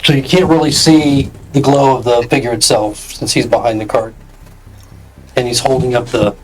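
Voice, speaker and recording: A man running a tabletop game as game master, describing scenes at length with frequent pauses. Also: mid-range voice, steady tone, a little mellow, faint music behind, rough recording.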